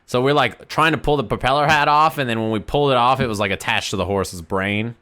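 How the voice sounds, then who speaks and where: A man's voice: medium pitch, quick pace, smooth. A man streaming, casually telling a rambling, profanity-laced story to his chat. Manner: animated, profane, rambling anecdote.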